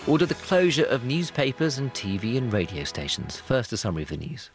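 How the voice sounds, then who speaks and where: A man's voice: mid-range voice, expressive, fairly quick. A man hosting a radio news programme, presenting in a polished, conversational way. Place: radio studio. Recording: music bed behind.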